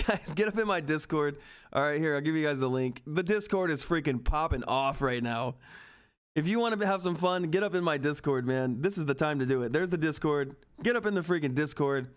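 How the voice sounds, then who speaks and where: A man runs a live stock market stream, talking to his chat in a slightly higher voice. He sounds hyped and emphatic and keeps repeating his points for emphasis. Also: a little fast, clear, resonant tone. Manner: hyped, repetitive, emphatic, swears mildly. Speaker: stock market livestream host. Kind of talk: excited live market commentary to chat viewers. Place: at home.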